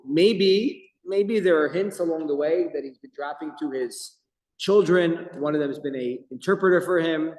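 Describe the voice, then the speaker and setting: A man teaching a Torah class as a rabbi, telling the story with lively emphasis and quoting Hebrew verses. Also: on the high side, moderate pace. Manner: animated storytelling with Hebrew quotes. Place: office. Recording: echoey room with long reverb.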